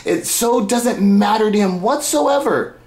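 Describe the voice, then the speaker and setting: A man's voice: high-pitched, animated, unhurried, a little mellow, echoey room. Rambling man reacting to clips. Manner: rambling, sighs and laughs, restarts. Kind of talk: casual reaction commentary.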